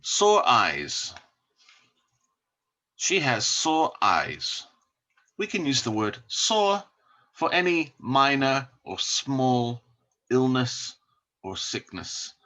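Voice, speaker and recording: A male teacher leads a recorded English lesson, saying each word and then repeating it. His voice is bright, his pitch moves a lot, and he takes each phrase at an unhurried pace. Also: sing-song. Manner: slow, repeats each word for learners to copy.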